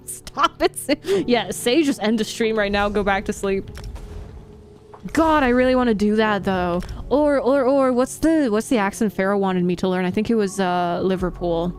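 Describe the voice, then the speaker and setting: A woman's voice: medium pitch, moderate pace, faint music behind. A young woman live streamer chatting casually with her audience, laughing often and reacting to chat.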